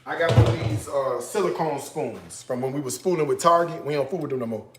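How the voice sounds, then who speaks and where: A man's voice: mid-range voice, lively intonation, a little fast, echoey room, heavy background noise. A man from Chicago hosting a casual cooking show, chatting straight to his viewers in a playful, teasing way.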